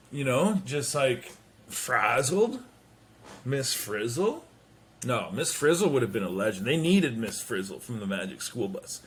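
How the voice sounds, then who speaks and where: A man with a slightly husky voice tells a comic story on his podcast. He talks slowly and loosely, swears freely, and breaks into quick impressions of the people he describes. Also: medium pitch, animated, fairly bright tone. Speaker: podcast host. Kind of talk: casual comedic monologue. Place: home.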